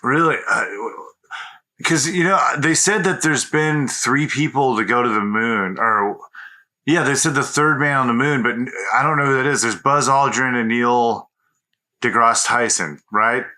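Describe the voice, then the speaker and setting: A man co-hosting a comedy podcast, easygoing and prone to halting restarts as he riffs. His voice is very bright and forceful, at a middle pitch. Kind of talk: casual comedic chat.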